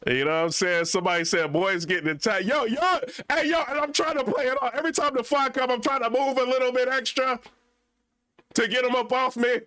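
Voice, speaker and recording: A man's voice: very high-pitched, fairly even intonation, brisk, bright, forceful tone, smooth, no echo, studio quality. A young man vlogging in a casual, rambling rant full of slang.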